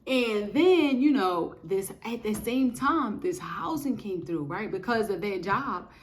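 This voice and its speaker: A woman giving a casual spoken testimony of faith, telling her story in an animated, emphatic way with lots of repetition. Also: mid-range voice, unhurried, slight background noise.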